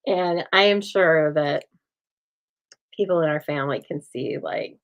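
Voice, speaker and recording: Woman craft-demo host, low-pitched and soothing, chatty with a deadpan streak, recorded on a phone. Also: a little slow, lo-fi sound. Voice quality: calm, soothing voice. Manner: chatty, laughs often, dry deadpan humor. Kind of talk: casual chat during a craft demo.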